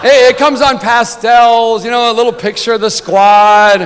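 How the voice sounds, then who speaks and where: A man's voice: very high voice, fairly even intonation, moderate pace, slight background noise. A man giving a humorous award speech as a sportswriter, telling a rambling comic story full of "right?" asides at a banquet podium. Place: banquet hall. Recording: long banquet-hall reverb.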